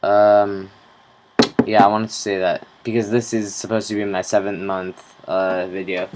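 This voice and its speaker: A young man talking slowly in a rambling, casual video diary, swearing offhandedly. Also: lowish voice, little pitch movement, a little mellow, slight background noise, low-quality recording. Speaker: vlogger.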